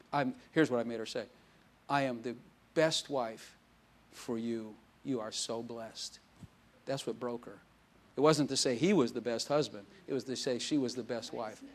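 A male pastor preaching a casual, conversational sermon, telling stories with quoted dialogue and laughing often. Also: medium pitch.

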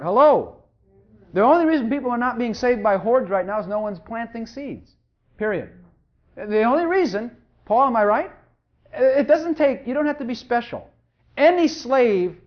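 A pastor preaching a sermon, emphatic and repetitive, hammering each point home and sometimes mumbling quietly while looking something up. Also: medium pitch. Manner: drops to quiet mumbling when searching for a verse. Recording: dull lo-fi recording.

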